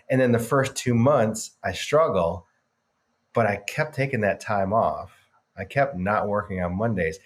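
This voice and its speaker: Earnest low-voiced man telling his story. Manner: earnest, reflective storytelling with emphatic stresses. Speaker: guest, business coach. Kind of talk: casual podcast interview.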